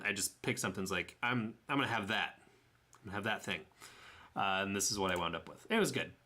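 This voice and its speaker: Bright-voiced Tennessee man rambling casually. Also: medium pitch. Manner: rambling, self-correcting, chuckling. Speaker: travel vlogger. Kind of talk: casual voice-over narration of trip photos.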